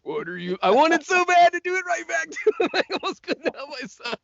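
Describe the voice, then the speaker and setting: Animated male voice actor telling stories. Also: very high voice, brisk, gravelly, muffled recording, a loud crowd. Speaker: voice actor guest. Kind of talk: casual storytelling chat.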